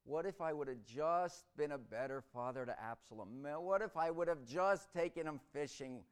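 A man preaching a sermon, swinging between hushed reflection and loud, dramatic storytelling. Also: on the high side, normal speed, few pauses, smooth.

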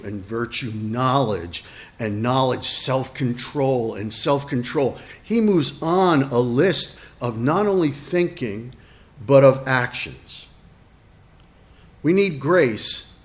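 Slow-paced, chatty male preacher. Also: medium pitch. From Italian heritage. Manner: conversational, asks the congregation questions, self-deprecating asides. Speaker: pastor. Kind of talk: sermon.

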